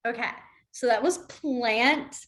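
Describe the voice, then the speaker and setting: Woman, a friendly class teacher, talky and encouraging, a bit high-voiced. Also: slow, a bit bright. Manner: chatty, encouraging, laughs often. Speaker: sign language teacher. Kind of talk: casual online class instruction.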